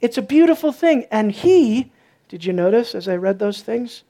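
A woman preaching a sermon, swinging from soft, low passages to loud, emphatic peaks. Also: lively intonation, moderate pace.

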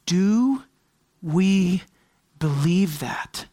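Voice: animated, drawn-out words, no room sound. Pastor delivering a dramatic sermon, prodding the congregation with questions; dry, close recording. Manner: dramatic, swings from raised, high emphasis to hushed near-whispers; fires rhetorical questions at the congregation.

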